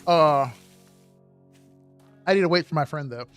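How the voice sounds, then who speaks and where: High-voiced man streaming a game, cursing loosely. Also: measured pace, smooth, soft background music. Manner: loose and profane, shouting in panic during fights. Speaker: live streamer. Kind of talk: casual gaming live stream chat.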